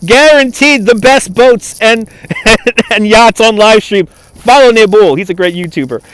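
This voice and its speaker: A man's voice: high voice, unhurried, a bit bright, no room sound. A man hosting a live walking stream outdoors, chatty and laughing as he thanks viewers by name, filmed on a phone on a gimbal. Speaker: livestream host. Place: outdoors on a cold waterfront.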